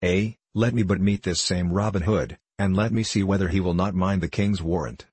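A man reading a storybook, voicing a boastful, quick-tempered male tinker in old-fashioned archaic speech. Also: sits low, steady tone, darkish tone, breathy edge, no echo.

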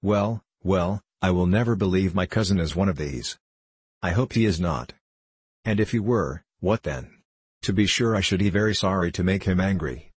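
A man reading the part of a spirited, innocent young gentlewoman in an audiobook. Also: low-pitched, normal speed, breathy edge, no room sound. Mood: earnest. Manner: earnest, protesting.

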